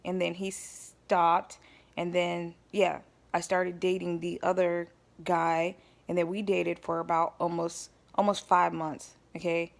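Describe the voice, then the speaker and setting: A woman's voice: fairly low pitch, creaky. A woman vlogger telling a personal story in a rambling, casual way, often stopping to check in with her listeners. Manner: rambling, checks in with listeners, addresses them as y'all.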